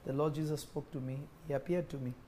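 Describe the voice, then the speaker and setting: Emphatic preacher with a mellow, raised voice. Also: male voice, on the high side, fairly even intonation, fast talker, slight background noise. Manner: emphatic and repetitive, with call-and-response questions. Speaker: preacher and prophet. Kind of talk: sermon to a responsive congregation.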